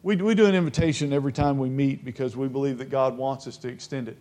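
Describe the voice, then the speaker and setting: A man's voice: mid-range voice, fairly even intonation, dark tone. Emphatic male preacher reading Scripture. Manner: asks the listeners questions and reads verses aloud, slow and emphatic on key phrases. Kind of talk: Bible lesson sermon.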